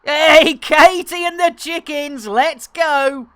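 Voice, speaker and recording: A woman's voice: mid-range voice, big pitch swings, slow pace, bright, forceful tone, no room sound. A woman chatting playfully and giggling with viewers on a live game stream, speaking into a headset.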